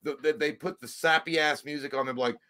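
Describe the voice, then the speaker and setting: A man's voice: fairly high pitch, a little fast. A man co-hosting a casual movie podcast, swearing freely and ranting with mocking impressions. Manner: profane, animated rants with mocking put-on voices. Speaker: podcast co-host. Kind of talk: casual chat.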